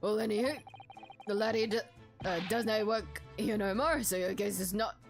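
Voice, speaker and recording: A woman voicing a gruff middle-aged male prison governor in a blustering put-on Scottish accent, reading game dialogue over background music. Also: medium pitch, moderate pace, natural voice. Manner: blustering, rolled dialect words.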